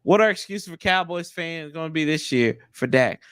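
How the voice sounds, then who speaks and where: A man with a high, bright voice hosts a casual live chat. His pitch swings widely as he reacts, and he talks in loose, slangy bursts. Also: normal speed, smooth. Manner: animated, slangy, jumps pitch often. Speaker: livestream host.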